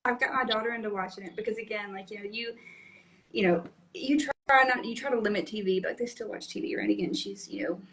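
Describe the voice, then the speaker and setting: A woman chatting casually as a podcast guest, telling animated stories with lots of fillers. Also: mid-range voice, quick pace, rough recording. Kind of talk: casual chat.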